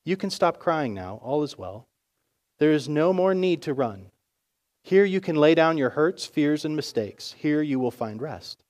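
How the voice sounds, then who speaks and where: A man voicing a kind, calm king who speaks softly and reassuringly. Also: fairly high pitch, a little slow. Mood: gentle. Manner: soft, gentle, reassuring.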